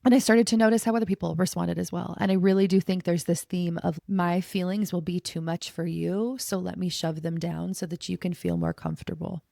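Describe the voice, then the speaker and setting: A middle-aged woman hosts her own podcast, thinking aloud in a relaxed, conversational way. Her voice sits low with a gravelly edge. The recording is dry, with no room sound. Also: brisk, hardly any pauses, no echo. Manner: casual, reflective, conversational with frequent "like". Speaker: podcast host and coach. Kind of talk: solo podcast talk.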